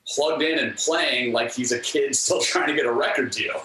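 A man guest telling anecdotes in an interview with an earnest, animated manner, acting out what others said. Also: mid-range voice, moderate pace. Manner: animated, earnest, acts out quotes. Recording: echoey room, distant mic, faint ambience.

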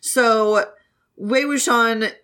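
A woman's voice: fairly high pitch, extremely slow. A young woman co-hosting a podcast, reading a novel aloud and joking about it, swearing freely. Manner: laughing, profane and animated. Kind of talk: casual chat and read-aloud.

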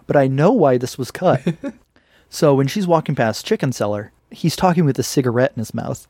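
A man co-hosting a casual podcast, animated and laughing often as he acts out scenes. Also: mid-range voice, brisk, dry recording. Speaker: podcast co-host. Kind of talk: casual chat.

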